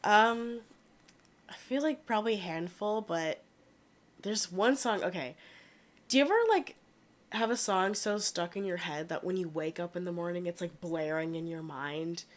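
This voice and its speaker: A young American woman chatting as a podcast guest, animated and self-deprecating, often breaking into laughter. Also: on the low side, moderate pace. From United States. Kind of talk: casual chat.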